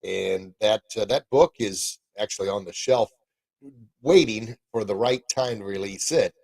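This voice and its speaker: A man's voice: lowish voice, measured pace, creaky, darkish tone, no room sound, low-quality recording. A middle-aged man hosting a podcast and live stream in a casual, upbeat, rambling way, full of folksy exclamations. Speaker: podcast host and martial arts coach.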